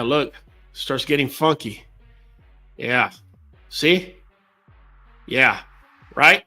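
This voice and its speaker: A man's voice: medium pitch, sharp tone. A man hosting a casual livestream as a dog breeder, blunt and slangy, talking straight to his viewers.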